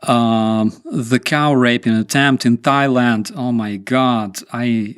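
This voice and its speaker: Slow-talking man. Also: medium pitch, steady tone, smooth, no room sound, studio quality. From Ukraine. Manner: rambling, darkly sarcastic. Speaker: streamer host. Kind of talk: casual live-stream chat.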